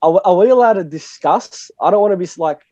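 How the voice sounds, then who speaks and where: High-voiced with a dark tone, he talks quickly with lively intonation and no echo. The young Australian DJ-producer chats on a podcast as a guest, rambling, self-deprecating and freely profane, captured in dull lo-fi sound with no room reverb.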